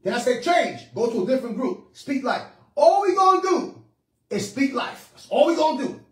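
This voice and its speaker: Fervent high-voiced preacher, echoey room. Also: male voice, sing-song, normal speed. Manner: fervent, swings between shouting and hushed prayer. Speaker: pastor. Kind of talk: charismatic sermon. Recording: echoey room, mic at a distance.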